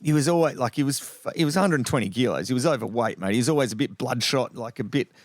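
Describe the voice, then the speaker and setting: A man's voice: medium pitch, expressive, fast talker, no room sound. A middle-aged man from Western Australia with an Australian accent, a podcast guest telling rambling anecdotes full of swearing. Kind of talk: casual storytelling.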